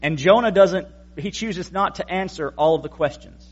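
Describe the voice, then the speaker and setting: A man's voice: high voice, moderate pace, breathy edge, highs cut off. A male pastor giving a conversational teaching sermon with wry asides to the congregation. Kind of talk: explanatory evening sermon.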